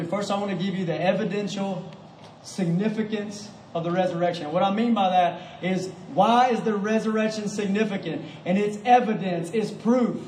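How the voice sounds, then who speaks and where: A man's voice: high voice, a little mellow, roomy sound, recorded from a distance, slight background noise, poor audio. A man preaching a sermon in a church, emphatic and full of rhetorical questions. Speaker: pastor. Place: church sanctuary.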